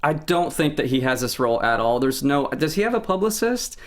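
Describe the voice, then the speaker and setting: A man on a casual movie panel who talks haltingly, with many restarts. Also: on the high side, very animated.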